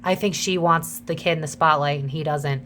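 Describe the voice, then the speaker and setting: A woman's voice: deep voice, fairly even intonation, fairly quick, fairly bright tone, a little hiss or hum. Chatty woman giving a tarot reading. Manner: chatty, emotional, swears freely. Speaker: psychic tarot reader. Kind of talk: casual tarot reading to camera.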